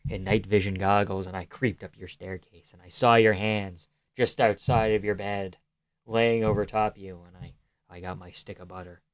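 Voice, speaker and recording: A man's voice: on the low side, little pitch movement, normal speed, clean tone. Man joking through a live stream. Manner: joking, reads viewer messages aloud, trails into near-whispers. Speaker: live stream host reading chat. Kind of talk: casual live stream chat.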